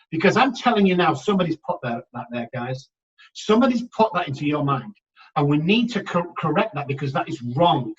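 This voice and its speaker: A man with a fairly high voice talks as a podcast guest, energetic and emphatic as he tells stories. The mic sits a little away from him and the sound is dull. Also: distant mic. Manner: energetic, emphatic, addresses listeners as guys. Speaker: addiction recovery expert guest. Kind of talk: animated podcast storytelling.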